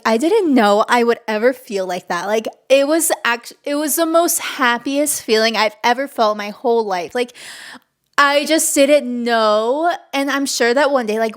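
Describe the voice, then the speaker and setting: A somewhat high-voiced young woman in her twenties hosts a solo podcast, talking casually and warmly. She gushes, leans on "like" constantly, and her voice keeps edging toward emotional giggles. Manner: chatty and gushing, heavy use of "like" fillers. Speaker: podcast host.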